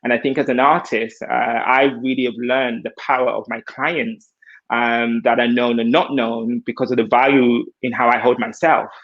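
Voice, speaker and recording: A man's voice: mid-range voice, little pitch movement, normal speed, a bit bright. Earnest man on a muffled call. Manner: earnest, reflective, self-deprecating. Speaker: hairstylist guest. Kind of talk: heartfelt conversational sharing.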